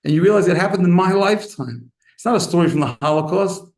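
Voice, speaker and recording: A male rabbi delivers a lively, impassioned sermon in a slightly higher voice than most men. He acts out little exchanges as he goes. The room around him rings with echo. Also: fast talker. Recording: echoey room.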